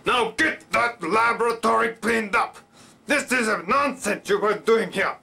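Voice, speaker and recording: A man putting on a gruff, bossy voice for a puppet character. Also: sits high, measured pace, sharp tone, voice pushed up, exaggerated voice. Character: gruff bossy old man barking orders.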